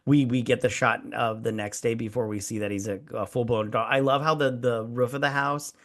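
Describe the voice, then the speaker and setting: A man's voice: medium pitch, a little fast. A man hosting a casual movie review podcast, swearing freely and acting out scenes in quoted voices. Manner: profane, animated, acts out scenes in quoted voices. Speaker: podcast host.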